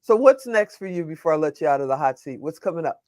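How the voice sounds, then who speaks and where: A woman hosting a live online interview from her studio, laughing easily and thanking her guest warmly. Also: deep voice, lively intonation, fast talker, dry recording. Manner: warm, giggly, gushing thanks. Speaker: host. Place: home studio.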